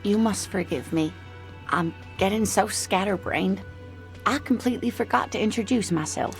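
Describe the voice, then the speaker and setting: A woman's voice: mid-range voice, moderate pace, soft background music, lightly acted. A woman playing a sweet teasing older lady. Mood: friendly. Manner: cheerful, teasing.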